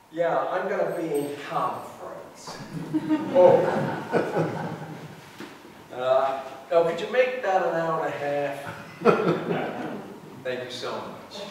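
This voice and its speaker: An amateur actor playing a smooth-talking, flirtatious Hollywood producer in a live stage play, recorded from far off in a hall. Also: male voice, medium pitch, darkish tone, slight background noise, lightly acted. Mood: coaxing. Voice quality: wheedling, charming, eager. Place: theatre stage.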